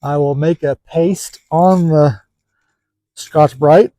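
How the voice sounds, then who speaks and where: A man's voice: on the high side, steady tone, takes it slowly, mellow, dry recording, rough recording. Man, folksy, rambling, joking, casual how-to vlog, dry sound. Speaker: classic car seller.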